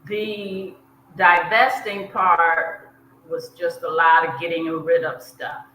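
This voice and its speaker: A woman from South Georgia with a Southern US accent, a podcast guest chatting in an easy, unhurried way and laughing at herself. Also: fairly low pitch, little pitch movement, a bit bright. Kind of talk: casual interview chat. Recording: echoey room with faint hiss.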